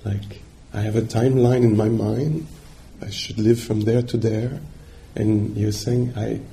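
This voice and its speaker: A man's voice: on the low side, steady tone, measured pace, dark tone. A man giving a dharma talk as a meditation teacher, searching for words and checking in with his listeners.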